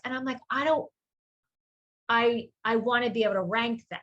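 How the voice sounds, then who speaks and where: Chatty woman telling a lively story. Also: fairly high pitch, moderate pace, pauses often, lo-fi sound. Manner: animated, rambling storytelling. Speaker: small business owner. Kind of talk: casual group video call chat. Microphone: video call.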